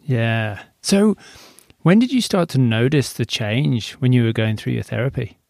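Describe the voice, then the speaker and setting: A man hosts a conversational podcast, his voice gravelly with creaky fry and recorded close and dry with no room sound. He responds supportively, feeling his way through each thought with fillers and false starts. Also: mid-range voice, animated, unhurried, a little mellow, no echo. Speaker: podcast host. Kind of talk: conversational interview.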